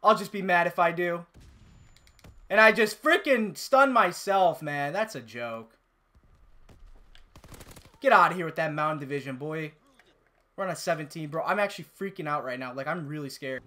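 A young man giving excitable, swear-heavy live commentary over his own gameplay, often bursting into yells. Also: fairly high pitch, normal speed, pauses often. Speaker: gamer and channel host.

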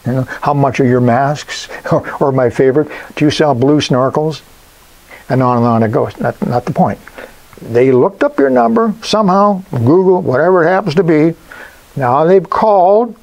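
A man's voice: medium pitch, creaky, poor audio. Older man, business coach, casual and punchy, mid-range voice, folksy asides. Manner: animated, emphatic, folksy asides. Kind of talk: casual advice talk.

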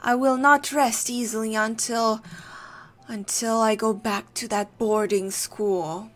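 A woman puts on a troubled gentleman's voice in an odd, put-on accent. The reading is slow and fairly high-pitched, grave and uneasy, like a player voicing a character in a spooky game. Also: fairly even intonation. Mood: brooding. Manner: reads aloud in a put-on weird accent. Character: tormented gentleman haunted by a dark vision. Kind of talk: let's play dialogue reading.

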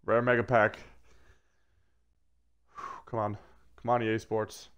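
A man giving casual commentary while opening packs in a video game, swearing freely and swinging between flat grumbling and excited shouts. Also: on the low side, takes it slowly, clear, resonant tone, highs cut off. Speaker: gaming video creator.

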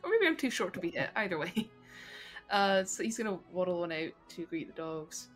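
A woman's voice: fairly low pitch, very animated, fairly quick, faint music behind. A woman taking part as a player in a tabletop game, chatting in a light, amused way. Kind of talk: casual tabletop play.

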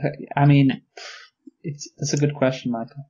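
A man's voice: mid-range voice, steady tone, normal speed, dark tone, lo-fi sound. A man co-hosting a film review chat, cutting in with dry, wry remarks and casual swearing. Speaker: film review podcast co-host.

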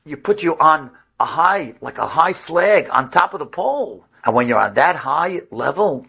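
Man, rabbi telling a story, high voice, animated, leaps up at dramatic moments. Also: normal speed, creaky, few pauses, slightly rough. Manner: sprinkles Hebrew and Yiddish terms. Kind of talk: storytelling talk.

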